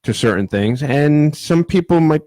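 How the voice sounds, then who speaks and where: A man's voice: fairly high pitch, expressive, a little slow, dark tone, no room sound. A man co-hosting a casual podcast chat, joking and talking over the others. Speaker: podcast co-host.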